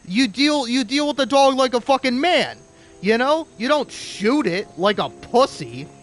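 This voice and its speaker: A man's voice: very high-pitched, animated, a little slow, a bit bright. A young man giving a rambling, profane, sarcastic commentary while playing a video game. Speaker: gaming commentator. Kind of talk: casual ranting gameplay commentary.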